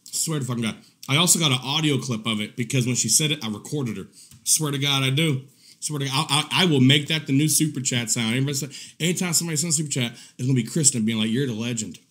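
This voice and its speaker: A man's voice: medium pitch, fast, a bit bright. A man hosting a live stream, talking in a casual, rambling way, swearing and repeating himself, often breaking into laughter. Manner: profane, repetitive, laughs often. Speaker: live-stream commentary host.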